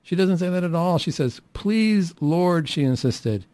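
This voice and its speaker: A man's voice: a little high, animated, fairly quick, mellow, no room sound. A man preaching a sermon who acts out the quoted lines of the people in the story and asks the listeners questions.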